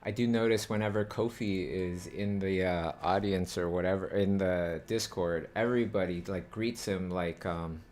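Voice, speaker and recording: A man's voice: low voice, fairly even intonation, normal speed, few pauses, darkish tone. A man hosting a casual group chat, rambling and thinking aloud with many fillers. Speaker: host.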